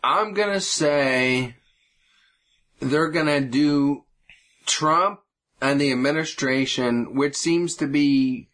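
A man guesting on a casual podcast chat, speaking in a hesitant, halting way. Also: fairly high pitch, a bit bright. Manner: hesitant, halting, restarts mid-thought.

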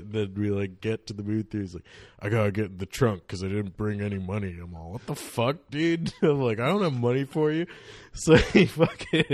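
This northern Californian DJ, guesting on a podcast, has a lowish, slightly mellow voice on a dry recording. He shares relaxed, slang-filled stories in casual conversation, laughing often.

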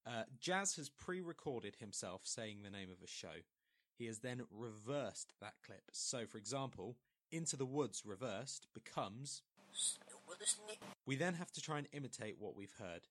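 A man's voice: medium pitch, lively intonation, unhurried, fairly bright tone, no echo. A man co-hosting a casual podcast game, explaining rules and teasing playfully. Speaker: podcast co-host. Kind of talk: casual game show chat.

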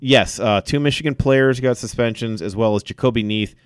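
A man co-hosting a casual sports podcast, telling events in an animated way with many fillers. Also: mid-range voice, normal speed, clean tone, no room sound. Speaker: podcast co-host.

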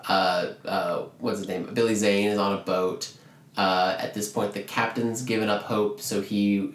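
A lower-voiced man talks through a movie plot in casual chat, now and then jumping into the characters' lines. His voice carries a roomy echo, as if he were in a bare room. He sounds relaxed and conversational. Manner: animated retelling, acting out lines with quick voice changes.

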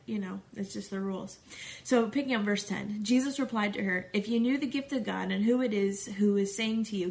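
A middle-aged woman with a gravelly, creaky edge to her voice, pitched right in the middle of the range. She reads scripture aloud and breaks off for chatty, conversational asides like a Bible study teacher. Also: darkish tone. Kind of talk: scripture reading with casual commentary.

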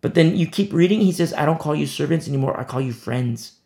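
A man preaching an expository sermon, passionate, repeating words for emphasis and swinging between loud declarations and hushed asides. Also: a little high, expressive, quick pace, vocal fry. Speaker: pastor.

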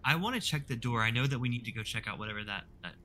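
A man talks fast and brightly as a tabletop player, rambling and hedging with filler words. Faint background hum sits under his voice. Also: medium pitch, expressive. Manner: rambling, cautious, many fillers like "like". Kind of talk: casual chat while playing.

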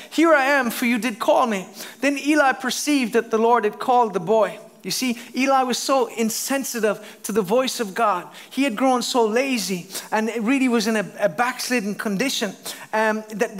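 A middle-aged man preaching a sermon as a pastor, telling stories with lively acted voices and asides to the congregation. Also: very high voice.

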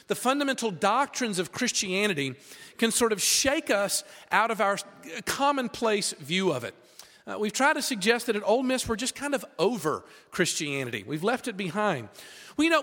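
A man preaching to a hall full of students. His voice sits high and swings widely as he asks rhetorical questions. A long reverb from the hall trails after every phrase. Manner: conversational, animated, rhetorical questions. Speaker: campus preacher. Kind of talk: sermon with scripture reading.

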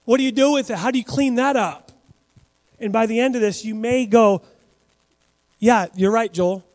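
A man preaching a sermon as pastor, talking in a conversational, animated way with asides to the congregation. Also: extremely high pitch, a little fast, in a large hall, low-quality recording.

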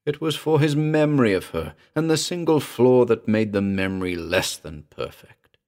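A man narrating a ghost story in a measured, dramatic reading. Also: mid-range voice, lively intonation, darkish tone. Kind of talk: scripted audiobook narration.

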